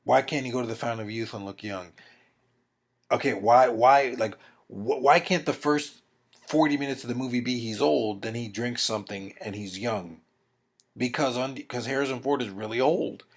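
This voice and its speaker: A man giving a heated, rambling opinion rant, swearing and acting out quotes. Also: mid-range voice. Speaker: video commentator.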